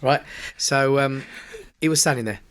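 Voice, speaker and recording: A man, a pantomime performer and podcast guest, telling stage anecdotes in a lively way, acting out the dialogue and laughing as he goes. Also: mid-range voice, moderate pace. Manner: animated, acts out dialogue, laughs often. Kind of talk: anecdotal storytelling.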